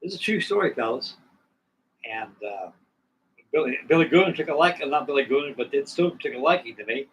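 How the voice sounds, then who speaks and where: A man's voice: mid-range voice, lively intonation, fairly quick. A man in his sixties hosting a live stream, telling a long story in a rambling, casual way with many restarts. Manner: rambling, frequent restarts and asides. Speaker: host. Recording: distant mic with faint background noise.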